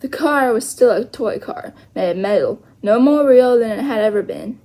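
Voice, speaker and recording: A woman reading a children's chapter book aloud, slowly and carefully, with small self-corrections. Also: on the high side, lively intonation, warm tone. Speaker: storyteller.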